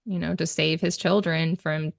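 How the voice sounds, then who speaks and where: A woman's voice: sits low, fairly even intonation, normal speed, vocal fry, no echo, studio quality. A woman guest on a podcast, telling a personal story with animation and acting out the dialogue she quotes. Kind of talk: conversational storytelling.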